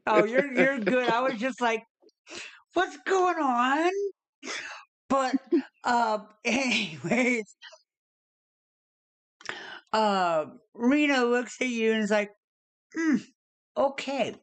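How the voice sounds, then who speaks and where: A woman narrating a tabletop game as game master. She speaks slowly and hesitantly, filling gaps with uhs and restarts. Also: on the high side. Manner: slow, hesitant, many fillers.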